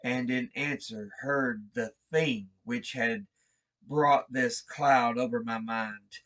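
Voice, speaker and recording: A man reading a horror story aloud in a slow, brooding, theatrical style. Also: mid-range voice, steady tone, a bit bright. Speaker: reader. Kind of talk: dramatic horror story narration.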